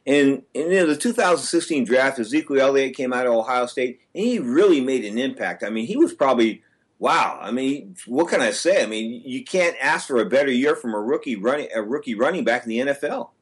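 A man's voice: medium pitch, animated, a little fast, slightly rough. Brash male sports radio host. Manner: brash, opinionated, rambling with restarts. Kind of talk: casual sports radio chat.

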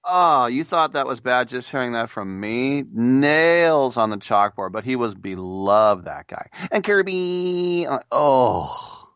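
A gravelly man hosts a sports talk radio show and rambles through baseball memories with jokes. The sound is dry and a little dull, close to a studio mic. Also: mid-range voice, very animated, takes it slowly, few pauses, fairly bright tone, no echo. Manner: rambling, jokey, does impressions of announcers.

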